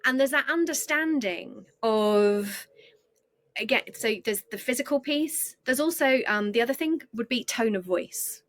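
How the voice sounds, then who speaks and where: Animated woman guest, middle-aged, higher pitch, dry close mic. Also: measured pace, no echo. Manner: chatty, animated, acts out voices, laughs easily. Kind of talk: conversational storytelling.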